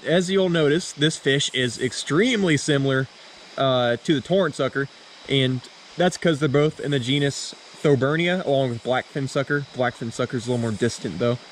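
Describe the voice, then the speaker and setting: A man narrating his night fishing at a stream, excitable and rambling, full of fillers. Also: medium pitch, slight background noise. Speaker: fishing vlogger. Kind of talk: casual outdoor narration.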